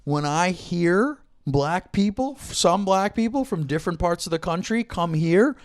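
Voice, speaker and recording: A man from Queens, hosting a casual comedy podcast chat, laughing often and animated. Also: high-pitched, a little slow. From New York (Queens). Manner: laughs often, animated, slips into playful put-on voices. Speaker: podcast host.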